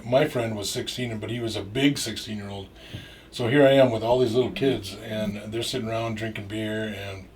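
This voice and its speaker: A middle-aged man from Minnesota telling a long, rambling story with many fillers and restarts and some swearing. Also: lowish voice. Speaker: storyteller guest. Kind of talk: casual anecdote. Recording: distant mic with faint noise.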